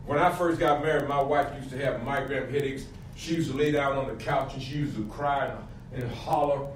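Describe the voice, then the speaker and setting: A man's voice: mid-range voice, fairly even intonation, moderate pace. A middle-aged man preaching a fervent sermon, firing questions at his congregation. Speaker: pastor. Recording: echoey, from a distance, faint room noise.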